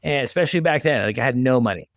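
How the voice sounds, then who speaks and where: A man's voice: medium pitch, animated, very fast, no room sound, studio quality. A man in his thirties hosting a podcast, telling stories in a chatty way and acting out the quotes. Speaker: podcast host. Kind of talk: casual interview chat.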